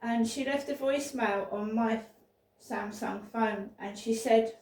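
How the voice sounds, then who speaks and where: A woman's voice: fairly high pitch, fairly even intonation, takes it slowly, hardly any pauses, a little mellow. A woman, telling a rambling personal story in a casual vlog, often repeating words and restarting sentences. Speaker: vlogger. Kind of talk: casual spoken diary. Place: indoors at home. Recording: roomy, from a distance.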